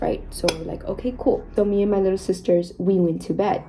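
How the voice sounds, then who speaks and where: Doing her makeup on camera, a young female vlogger talks fairly quickly in a steady, mid-range voice about things that have happened to her. She keeps saying "like" and "you guys," and the background is noisy.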